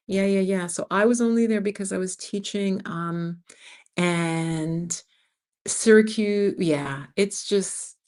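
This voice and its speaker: A woman over fifty from the United States, hosting a casual livestream and chatting with viewers, telling stories with lively acted-out quotes. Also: medium pitch, takes it slowly. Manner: animated storyteller, acts out other people's lines. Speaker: livestream host. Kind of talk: casual live-chat talk to viewers.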